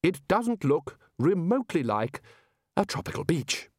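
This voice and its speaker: A man's voice: on the high side, sing-song, unhurried, a little mellow, no echo, studio quality, pitched above the performer's own voice, full character voice. A man voicing a bluff, commanding older male wizard who lords it over his colleagues. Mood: blustering. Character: loud blustering older male wizard head.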